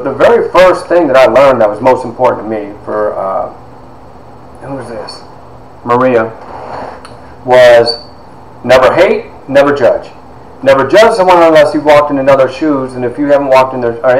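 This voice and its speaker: Animated male storyteller in an echoey room. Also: medium pitch, normal speed, slight background noise. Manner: animated storyteller, drops to hushed asides. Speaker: university instructor. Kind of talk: storytelling lecture to a class.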